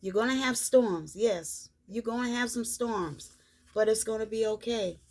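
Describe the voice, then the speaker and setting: A woman giving a spiritual card reading to her viewers, repeating her reassurances in an unhurried, soothing way. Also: fairly high pitch, darkish tone. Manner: slow, repetitive, reassuring delivery. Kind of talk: tarot-style card reading vlog.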